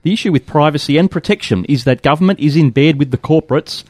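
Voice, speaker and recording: A man co-hosting a casual tech podcast, reading listener letters aloud in a steady, even way. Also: a little high, quick pace, no room sound.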